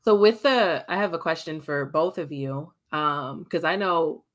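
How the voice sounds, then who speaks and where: A woman's voice: low-pitched, measured pace, fairly bright tone. A young adult woman co-hosting a podcast, talking candidly in casual chat, swearing freely and acting out what people said. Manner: candid, swears, acts out quotes. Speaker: podcast co-host.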